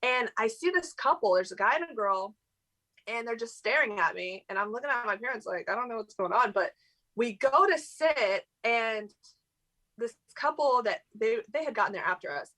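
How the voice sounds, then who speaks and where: Bright-voiced young woman, chatty and laughing. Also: on the high side, animated, moderate pace, low-quality recording. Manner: chatty, laughs often, many fillers. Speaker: guest, actress. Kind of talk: casual interview chat.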